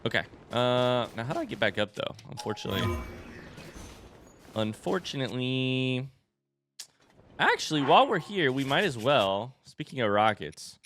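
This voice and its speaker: A man hosting a let's play, giving excitable and self-mocking commentary as he plays. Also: mid-range voice, brisk, slight background noise. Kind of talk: gameplay commentary.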